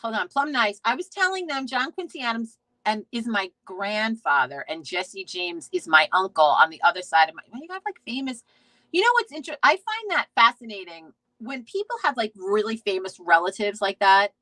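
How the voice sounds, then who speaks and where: A woman with a bright, forceful voice hosts a casual live stream. She rambles from thought to thought, swears freely and keeps restarting her sentences. The sound is dry and close. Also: fairly high pitch, sing-song, moderate pace, dry recording, low-quality recording. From United States. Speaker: host of a witchcraft talk stream. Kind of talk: casual live-stream chat, reading viewer comments.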